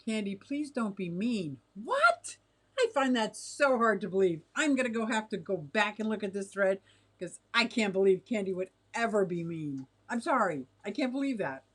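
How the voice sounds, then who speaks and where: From her home fish room full of tanks, a middle-aged woman hosts a relaxed livestream in a mid-range, slightly rough voice with lively intonation. She talks at a normal speed, giggling as she reads out and responds to chat.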